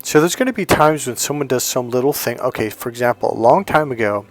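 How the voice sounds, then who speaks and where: A man's voice: mid-range voice, fast talker. Casting note: man with a mid-range voice, casual storytelling coach, rambling, re-enacts dialogue, faint music underneath. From United States. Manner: rambling, retells dialogue, swears when worked up. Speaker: dating coach.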